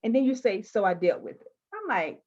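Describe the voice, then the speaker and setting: A woman interviewing a guest, telling personal stories in an animated, emphatic way with playful asides. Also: on the high side, fairly quick, dull audio. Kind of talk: candid conversational interview.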